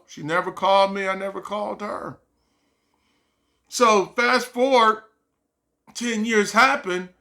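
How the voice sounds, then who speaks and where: A man casually telling a personal story to camera, animated and full of quoted back-and-forth dialogue. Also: sits high. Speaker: vlogger.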